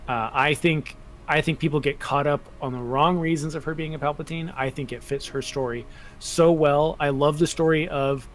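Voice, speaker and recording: A man co-hosting a podcast, telling his views in an animated, chatty way during a casual fan chat. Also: a little high, slight background noise. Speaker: podcast co-host.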